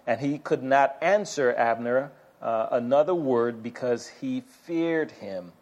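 A man preaching a Bible teaching in a relaxed, conversational way, with asides and frequent repeated words. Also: medium pitch, slow, muffled recording. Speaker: pastor. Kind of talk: sermon teaching.

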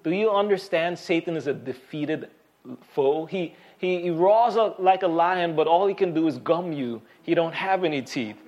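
A man's voice: on the high side, moderate pace, lo-fi sound. Earnest man preaching a sermon. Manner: earnest preaching with fillers and quoted scripture; drops to a soft hush on key points. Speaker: pastor.

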